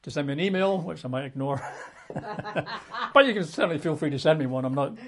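A man's voice: on the high side, fast, fairly bright tone. Man giving a wry Bible talk. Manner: dry, wry humor with asides. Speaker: Bible teacher. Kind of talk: casual teaching talk.

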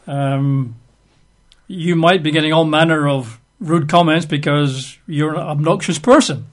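A man's voice: on the high side, normal speed. A man giving a conversational Bible teaching, chatty and wry, with frequent fillers.

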